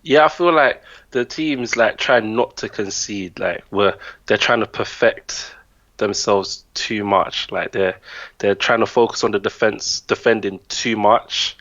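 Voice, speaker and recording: A man on a casual sports podcast, talking in a relaxed, halting way with lots of fillers. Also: lowish voice, lo-fi sound. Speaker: podcast co-host.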